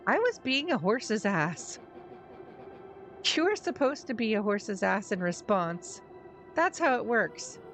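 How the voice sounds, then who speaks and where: Sulky sarcastic kid read by a woman streamer, slow drawn-out lines, bouncy pitch, soft game music behind. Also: very animated, heavily acted. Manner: sarcastic, blunt, slangy. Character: bitter sarcastic boy, hurt and lonely. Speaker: streamer reading a story game aloud. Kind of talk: game dialogue read aloud.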